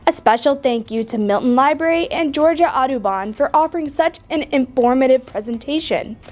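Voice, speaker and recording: A woman's voice: high-pitched, expressive, a little fast, a little mellow. A woman narrating a library video newsletter in an upbeat, scripted promotional style.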